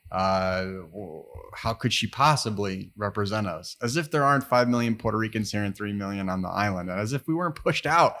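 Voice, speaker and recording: A man with a fairly low voice hosts a podcast conversation. He speaks reflectively, thinking aloud with pauses and fillers as he responds to his guest. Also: animated, a bit bright. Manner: reflective, thoughtful, uses many fillers. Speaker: podcast host. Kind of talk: conversational interview.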